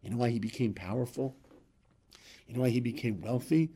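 A man's voice: mid-range voice, fairly quick, husky. Emphatic motivational man. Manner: emphatic, repetitive, swinging between loud and hushed. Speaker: podcast guest. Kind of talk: motivational storytelling.

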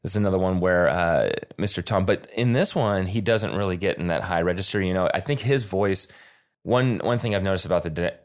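Deep-voiced man co-hosting a podcast. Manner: animated, halting, restarts often. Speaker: podcast co-host. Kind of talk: casual chat.

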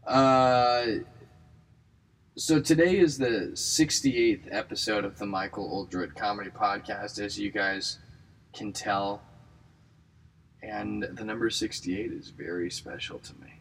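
A man's voice: fairly low pitch, fairly even intonation, takes it slowly, fairly bright tone, recorded from a distance, a little hiss or hum, poor audio. A man in his thirties hosting a comedy podcast, rambling casually with wry, self-mocking asides.

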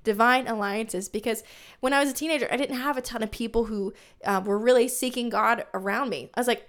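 A woman's voice: on the high side, brisk. A young woman hosting a faith podcast, telling a family story in an earnest, heartfelt and casual way. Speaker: podcast host in ministry.

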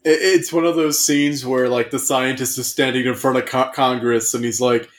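A man's voice: mid-range voice, fairly even intonation, normal speed. A man co-hosting a casual comedic chat, talking in a playful, rambling way with many restarts. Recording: echoey room.

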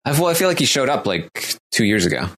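A man co-hosting a casual podcast chat, rambling with frequent ums and restarts and slowing down to announce each competitor. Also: mid-range voice, sing-song, fairly bright tone. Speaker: podcast co-host recapping episodes.

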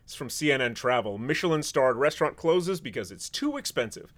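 A man's voice: mid-range voice, sing-song, fairly quick, a bit bright. A man who is a chef, hosting a casual podcast chat with a wry, sarcastic, rambling manner.

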